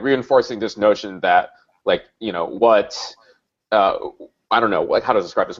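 A man's voice: on the low side, muffled recording. A man joining a casual discussion as a guest writer, talking loosely over a video call.

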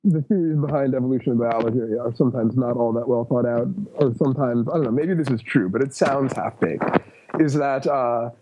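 A man with a warm, mellow voice explains at length in a casual podcast chat. His delivery is dry, and he stays at a middle pitch. There is a faint noise in the background. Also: fairly quick, low-quality recording.

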